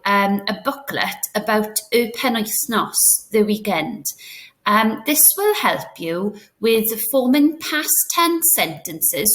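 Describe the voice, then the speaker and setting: A woman teacher talks children through a recorded lesson, slowly and patiently, stopping often to check they follow. Her voice sits a little high, and she takes her time over every step. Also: fairly bright tone. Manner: slow, patient, step-by-step with many fillers and "okay?". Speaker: Welsh teacher.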